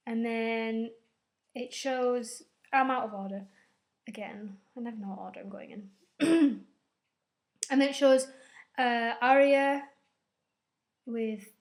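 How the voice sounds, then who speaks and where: Chatty woman with a high voice. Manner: rambling, chatty, emotional, swears. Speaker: vlogger. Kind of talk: casual TV episode recap.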